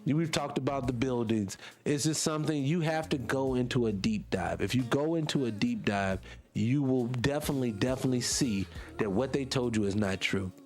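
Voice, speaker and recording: Faint music plays behind a small-town North Carolina man hosting a casual morning livestream. His mid-range voice is a little mellow at a normal speed, and he rambles with passion, answering chat comments and losing his thread.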